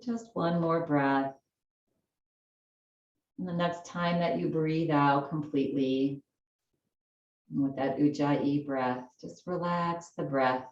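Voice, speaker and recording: A woman leading a gentle chair yoga class, giving soft, slow, soothing cues for breathing and stretching. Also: low voice, fairly even intonation, roomy sound, recorded from a distance, lo-fi sound.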